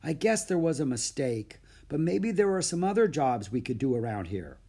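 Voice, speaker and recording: A man's voice: on the high side, sing-song, normal speed, vocal fry, dark tone, husky, exaggerated voice. A man voicing an eager, chirpy young girl.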